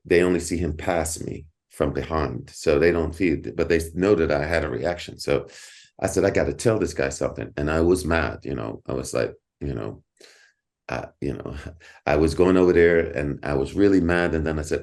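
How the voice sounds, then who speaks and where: A middle-aged man, a podcast guest, telling a story in casual talk, animated and repeating words, laughing often. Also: rumbling low, normal speed, vocal fry.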